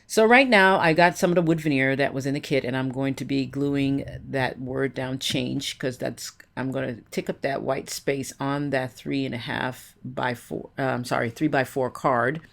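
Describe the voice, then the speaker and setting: A woman's voice: a bass voice, steady tone, normal speed, creaky, few pauses. A woman giving a chatty, rambling voice-over while she makes a scrapbook layout at her craft desk, often correcting herself.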